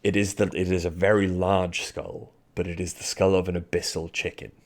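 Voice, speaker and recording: A man's voice: deep voice, flat delivery, brisk, creaky. A man running a tabletop fantasy game, narrating scenes and voicing characters with loose, rambling asides. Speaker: game master.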